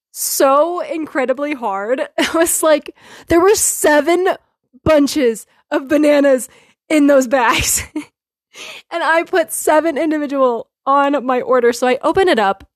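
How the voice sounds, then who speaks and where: A woman hosting a podcast, telling a funny story in a casual, animated way and often laughing. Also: high voice, no echo, studio quality. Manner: animated, laughing often, quotes herself and others. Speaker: podcast host.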